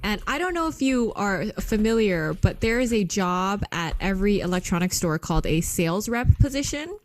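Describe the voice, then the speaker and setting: A woman's voice: mid-range voice, moderate pace. A woman in her thirties, co-hosting a podcast, telling a story in casual chat with lots of laughter and swearing. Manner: animated, profane, laughing storyteller. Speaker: podcast co-host.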